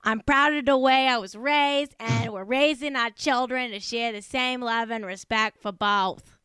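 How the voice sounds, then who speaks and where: A mock-solemn apology read slowly in a put-on Boston accent, by a woman hamming it up. The voice is fairly high and smooth. The room sound is dry and close. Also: bright, forceful tone, no echo.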